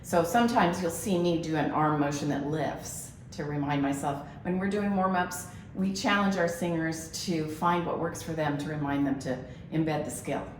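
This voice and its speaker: A woman vocal coach calmly explaining breathing and vowel technique to singers. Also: sits low, normal speed, few pauses. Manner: calm, explanatory teaching. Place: large convention hall. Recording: echoey hall, faint noise.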